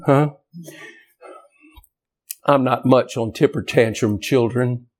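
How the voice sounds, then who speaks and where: A man delivers a fiery sermon in a mid-range voice, taking his time. He is emphatic and repeats himself, building almost to a shout on the key points.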